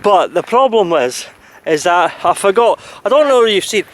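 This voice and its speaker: A man's voice: high voice, expressive, normal speed. A Scottish man chatting casually on a holiday vlog, rambling through his story of the day. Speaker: vlog host. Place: outdoors by a boat.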